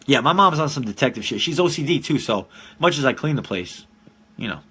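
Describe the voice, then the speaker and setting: This podcast host, a man in his twenties, live-streams casually from home with meandering, foul-mouthed stories and plenty of laughter. His medium-pitched voice is expressive and a little fast, pushed and bright with a breathy edge.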